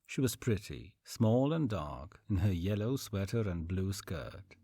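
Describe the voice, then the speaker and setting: Deep, husky-voiced male storyteller. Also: sing-song, unhurried, mellow, dry recording, studio quality. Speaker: audiobook narrator. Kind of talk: audiobook narration.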